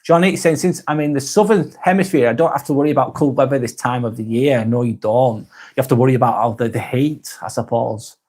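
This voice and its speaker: A man with a Lancashire accent, hosting a casual live vlog and reading viewers' comments aloud, then answering them in a softer, lower voice. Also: fairly quick. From Darwen, near Blackburn, northern England. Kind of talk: casual live-stream chat.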